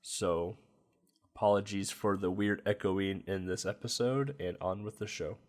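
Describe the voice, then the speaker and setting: A man's voice: sits low, fairly even intonation, unhurried, a little mellow. A man hosting a casual podcast, stuffed up from allergies, with a laid-back manner. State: congested from allergies. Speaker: podcast host. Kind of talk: casual chat. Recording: dull echoey two-mic audio.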